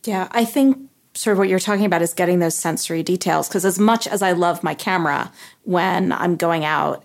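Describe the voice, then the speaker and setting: A woman's voice: on the low side, vocal fry. A woman co-hosting a podcast, talking reflectively and thinking aloud with fillers. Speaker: podcast co-host. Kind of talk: casual chat.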